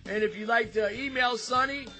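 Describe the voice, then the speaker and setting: A high, bright male voice belongs to a man hosting a loose, joking chat. He rambles and restarts often. His easygoing delivery stays casual throughout. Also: moderate pace, faint music behind. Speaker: show host.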